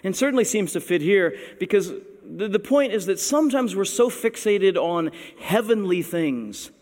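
A man's voice: sits high, animated, moderate pace, darkish tone. A man preaching a sermon in a conversational, wry manner with playful emphasis. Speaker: pastor. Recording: long hall reverb.

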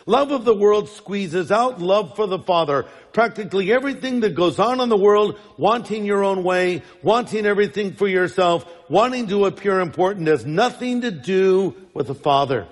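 High-voiced preacher in an echoing hall. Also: male voice, expressive, normal speed, few pauses. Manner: emphatic, rhetorical questions. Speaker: pastor. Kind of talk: sermon. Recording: long reverb in large hall.

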